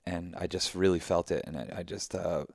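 A man's voice: low voice, fairly even intonation, normal speed, gravelly, darkish tone, no room sound, clean studio sound. A man in a casual, heartfelt conversation who talks emphatically and effusively, swearing freely and speaking in spiritual terms.

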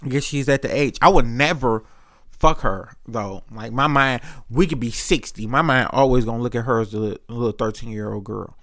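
A man's voice: mid-range voice, moderate pace, fairly bright tone, no room sound, studio quality. A man in his thirties hosting a podcast, telling a rambling, profane story in casual chat and acting out the voices of the people he quotes. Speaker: podcast host.

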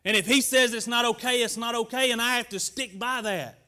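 High, bright-voiced preacher man. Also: brisk. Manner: emphatic, rising and dropping, sometimes near shouting; folksy storytelling. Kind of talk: sermon.

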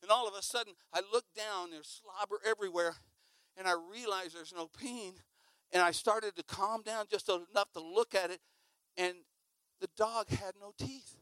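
Male preacher, high bright voice, animated storyteller, dry close sound. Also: normal speed, clean tone, no echo. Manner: animated, acts out sounds and shouts. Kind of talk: sermon storytelling.

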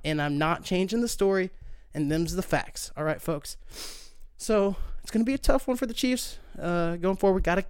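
A man's voice: fairly high pitch, smooth, no room sound, clean studio sound. A young man hosting a solo podcast, ranting in a profane, sarcastic way. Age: young adult. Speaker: podcast host.

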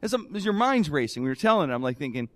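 A male podcast host in casual interview chat, reacting often and thinking out loud. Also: a little high, sing-song, racing, no room sound.

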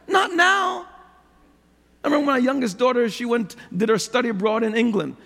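A man's voice: very high voice, moderate pace, vocal fry, a bit bright. A middle-aged man preaching a sermon as pastor, driving his points home with rhetorical questions and touches of humor. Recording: long hall reverb.

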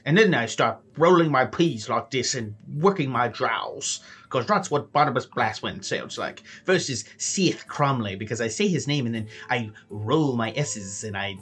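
A male dungeon master narrating a home tabletop game in loose, casual chatter. He rambles and pokes fun at himself, swearing now and then. His voice sits at an average male pitch. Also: a bit bright. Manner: rambling, self-deprecating, profane.

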